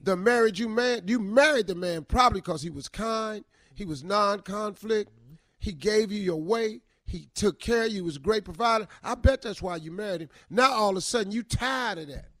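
A man's voice: sits high, normal speed, a bit bright, dry recording, studio quality. A male radio host giving comedic relationship advice in a drawling, emphatic, colloquial way.

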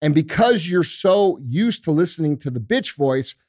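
A man's voice: fairly high pitch, lively intonation, moderate pace, a little mellow, no room sound, clean studio sound. A male podcast host giving a blunt, profane motivational talk in a casual, emphatic way.

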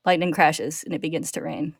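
A woman host narrating a story recap in a steady, clear manner. Her voice sits on the lower side for a woman. The recording is dry and close, with no room echo. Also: a little fast. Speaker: podcast host retelling an anime episode.

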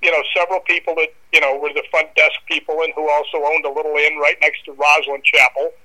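A man guesting on a podcast, telling animated anecdotes and acting out the people he quotes. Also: fairly high pitch, fast, poor audio. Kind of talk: casual storytelling.

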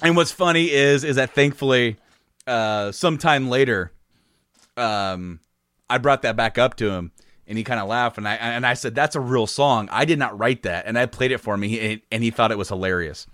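A man in casual chat, telling a story and quoting others in animated voices, often laughing as he goes. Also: mid-range voice, normal speed, no room sound, studio quality. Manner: laughs through his story, quotes people in animated voices.

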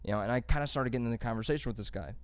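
A man's voice: mid-range voice, rapid-fire, clean tone, dry recording. A man telling a rambling, profane story in casual chat among friends.

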